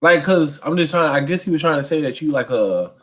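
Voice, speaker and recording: A man in casual podcast chat, talking quickly and trailing off as he thinks aloud. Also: fairly high pitch, expressive. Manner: quick, searching, trails off mid-thought. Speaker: podcast co-host.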